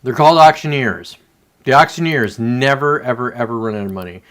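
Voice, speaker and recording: A man's voice: medium pitch, a little fast, fairly bright tone. A man ranting on a casual livestream, frustrated and profane, rambling with many restarts. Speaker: livestreamer and real estate agent.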